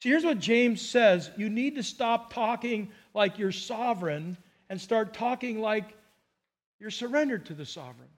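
Man, pastor, high voice, earnest emphatic sermon, acts out quotes. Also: lively intonation, unhurried. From Southern California.

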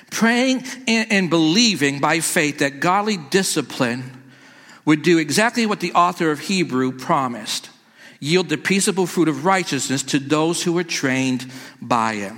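A man's voice: a little high, fairly bright tone. Earnest middle-aged guy preaching, takes his time, church hall echo. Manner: earnest, quotes scripture. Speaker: pastor. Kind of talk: sermon.

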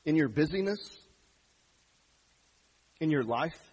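A male pastor giving a sermon, asking gentle, earnest questions of his congregation. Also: on the high side, animated, slow, breathy edge, poor audio.

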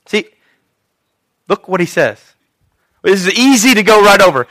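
A male pastor preaching a sermon in an animated, conversational storytelling manner. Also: high voice, moderate pace, long pauses.

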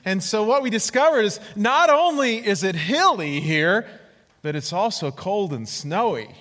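A man with a somewhat high voice preaches in a church hall with a long, ringing echo. He tells his testimony as an animated story and acts out the voices of the people in it. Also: a little slow. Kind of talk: sermon with personal testimony.

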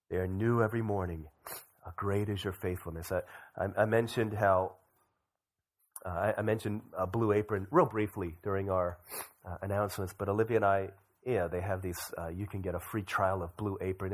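A young adult man who is a pastor, preaching a sermon in a lively way and acting out quoted voices. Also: on the low side. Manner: animated, acts out quoted voices.

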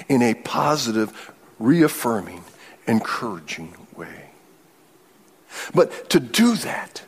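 A middle-aged man preaching a sermon, telling stories in an animated way and laughing often. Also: medium pitch. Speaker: pastor.

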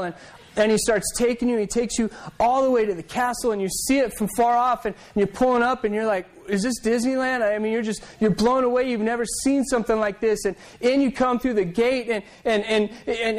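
High-voiced pastor preaching conversationally. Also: male voice, poor audio. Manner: storytelling, conversational, repeats words when excited. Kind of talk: sermon.

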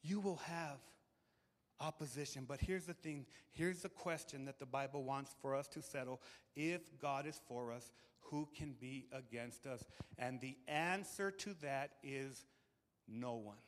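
A male pastor preaching a sermon to a live congregation, emphatic and animated, often repeating words as he builds a point. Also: mid-range voice, a little slow. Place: church hall with audience. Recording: long reverb of a large hall.

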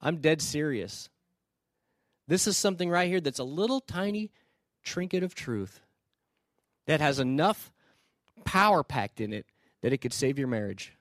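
A male pastor preaching a sermon, telling stories in a conversational way with quick asides and restarts. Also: a little high, expressive, fairly bright tone, dry recording, clean studio sound. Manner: storytelling, conversational with quick asides and repeated starts.

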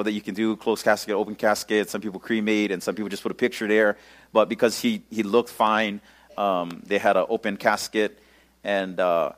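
A male pastor telling a personal story in a casual sermon, using lots of local slang. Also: mid-range voice.

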